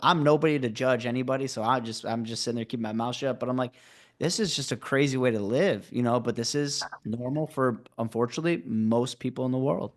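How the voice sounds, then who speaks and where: A man's voice: medium pitch, fast. Man, podcast host, casual chat, rambling, lots of "like". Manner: rambling, heavy use of "like" and restarts.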